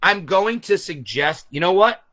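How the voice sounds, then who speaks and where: A man hosting a live stream, explaining his point loudly and emphatically to viewers from a camera set some way back. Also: high-pitched, animated, measured pace. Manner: speaks loudly. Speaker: host. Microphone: camera set back from him.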